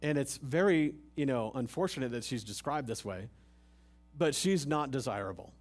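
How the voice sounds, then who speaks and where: A man's voice: mid-range voice, expressive, moderate pace. A male pastor giving a sermon at a church service, talking casually with jokes and rhetorical questions to the congregation. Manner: conversational, humorous preaching with rhetorical questions.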